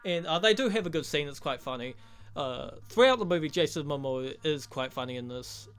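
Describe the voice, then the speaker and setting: A man's voice: on the high side, animated, fairly quick, a bit bright, smooth. A young man giving a rambling, profane, joking recap of a movie as a reviewer. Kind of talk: crude comedic movie recap.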